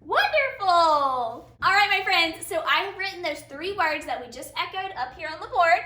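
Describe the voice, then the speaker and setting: A woman teacher leading a phonics lesson for young children, in a sing-song, slow and encouraging way with big praise, in a classroom. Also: very high-pitched, bright, forceful tone, distant mic. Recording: roomy sound from a little off the mic, faint room hiss.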